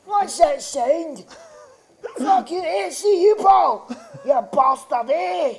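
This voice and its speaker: A man's voice: extremely high pitch, expressive, slow pace, pitched above the performer's own voice, exaggerated voice. A man doing a rowdy brash Glaswegian. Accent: Glaswegian impression. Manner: loud, rough, teasing "eh" tags.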